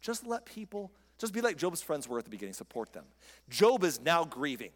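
A male preacher delivering a sermon in a conversational, animated storytelling manner, speaking from a podium in a large hall. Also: a little high, brisk. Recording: long reverb of a large hall.

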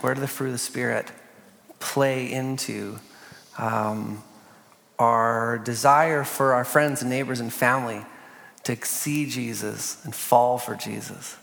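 A man leading a church panel discussion, earnest, reading prayers slowly and softly. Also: mid-range voice, vocal fry. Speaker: pastor. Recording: long hall reverb.

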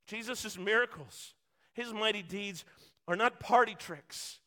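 A man's voice: high-pitched, unhurried, pushed and bright. A man preaching a sermon, earnest and building through repetition, acting out short quotes. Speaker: pastor.

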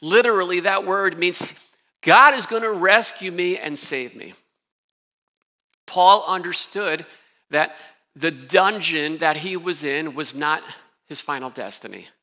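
A man's voice: on the high side, a little slow, bright, forceful tone, big-room sound. A man preaching a sermon as pastor, earnest and emphatic, often restarting his phrases.

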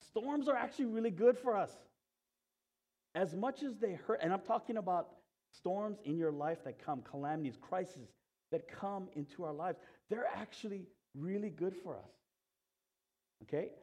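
A man preaching a sermon, telling a story with animation and swinging from loud to hushed, in a conversational way. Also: high-pitched, normal speed, husky. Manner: conversational, asks the congregation "Okay?". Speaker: pastor.

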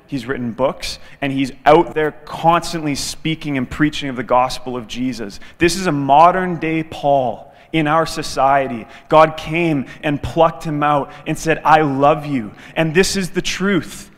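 A man preaching a sermon as guest pastor, telling a story with lively delivery and acting out the quoted dialogue. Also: fairly high pitch, long reverb tail.

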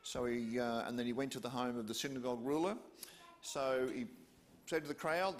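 A man's voice: mid-range voice, moderate pace, a little hiss or hum. A man preaching, retelling a story with questions to his listeners. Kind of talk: storytelling sermon.

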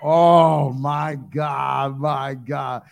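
A man's voice: mid-range voice, fairly even intonation, very slow, creaky. A male pastor preaching a call-and-response sermon, emphatic, repeating phrases, breaking into whoops and exclamations.

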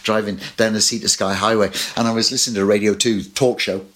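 A man's voice: fairly low pitch, fairly even intonation, fast talker, fairly bright tone. A man preaching a sermon as pastor, telling personal stories with light humor. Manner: storytelling with personal anecdotes and humor.

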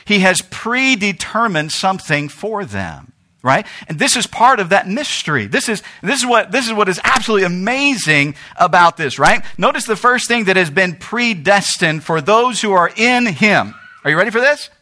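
Animated high-voiced pastor. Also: male voice, normal speed. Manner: animated, talks straight to the congregation with frequent "right?". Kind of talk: sermon. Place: church.

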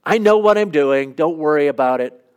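A man's voice: a little high, lively intonation, normal speed, a little mellow, clear, resonant tone, muffled recording, natural voice. A man voicing an imagined dismissive Jesus who brushes off mourners in an offhand, mocking way.

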